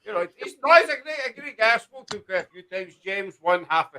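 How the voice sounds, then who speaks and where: Bright-voiced man hosting. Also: sits high, very animated, quick pace, hardly any pauses, poor audio. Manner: joking, laughing often. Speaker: podcast host. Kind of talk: casual panel chat.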